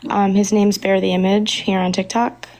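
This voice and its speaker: A woman calls in to a live debate stream, talking earnestly and a little hesitantly, with frequent restarts. Her voice has a gravelly fry and a dark, mellow tone. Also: mid-range voice, little pitch movement, normal speed, low-quality recording. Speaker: caller.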